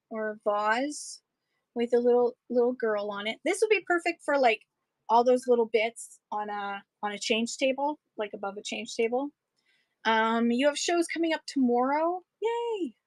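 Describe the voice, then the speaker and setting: A woman's voice: fairly high pitch, dry recording, low-quality recording. Chatty woman selling vintage wares. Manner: chatty, rambling, enthusiastic about vintage items. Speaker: live-stream online seller. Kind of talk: casual live-selling chat.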